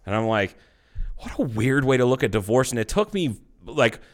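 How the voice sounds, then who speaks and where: A man's voice: mid-range voice, sing-song, normal speed. A middle-aged man in casual chat, telling stories bluntly and swearing freely. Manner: blunt storytelling, heavy swearing.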